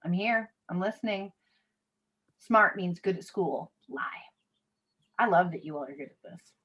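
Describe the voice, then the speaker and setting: A woman's voice: lowish voice, animated, unhurried, fairly bright tone, muffled recording. Woman leading an online workshop. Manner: conversational, reads audience chat aloud. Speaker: workshop facilitator. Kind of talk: live online workshop talk.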